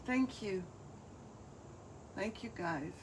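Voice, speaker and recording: Slow-talking woman hosting a craft demo. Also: medium pitch, animated, noisy background. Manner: chatty, talking viewers through each step. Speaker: craft demonstrator. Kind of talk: live craft product demo.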